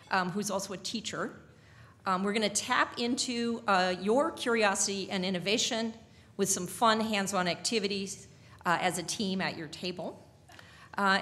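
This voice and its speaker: A woman on a nonprofit's board welcoming guests at a dinner, speaking warmly with many fillers and restarts. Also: mid-range voice. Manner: warm, halting, with many fillers. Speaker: board member introducing the event. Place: banquet hall.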